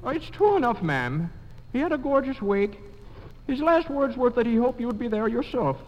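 Casting: a tiny, meddling Irish leprechaun, very high and bouncy, old-time radio play. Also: male voice, big pitch swings, normal speed, highs cut off, background noise. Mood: sly. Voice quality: high wheedling brogue. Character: scrawny wisecracking male leprechaun, meddling. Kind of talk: 1940s radio acting. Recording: old radio broadcast with long reverb.

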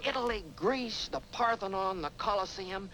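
A boyish young dreamer in an old film. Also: male voice, high-pitched, normal speed, sharp tone, a little hiss or hum, poor audio. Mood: dreamy. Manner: boyish, big-talking and playful. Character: eager young man dreaming of travel. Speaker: film character. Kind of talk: 1940s film acting.

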